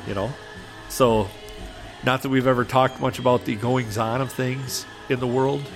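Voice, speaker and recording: A man's voice: medium pitch, steady tone, normal speed, over music. A man co-hosting a podcast in laid-back, wry casual banter, from Michigan. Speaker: podcast co-host.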